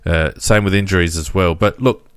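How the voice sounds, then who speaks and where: A man's voice: deep voice, fairly even intonation, a little fast, clear, resonant tone, dry recording, clean studio sound. A man co-hosting a casual football podcast, reading out stats with frequent fillers. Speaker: podcast co-host.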